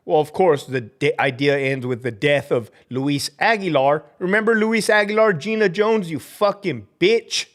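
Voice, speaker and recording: Man, somewhat high voice; furious, foul-mouthed ex-prison guard on a livestream. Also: normal speed, few pauses, a bit bright. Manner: profane, heated, ranting; drops Spanish slang into English. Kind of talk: livestream rant reading viewer comments.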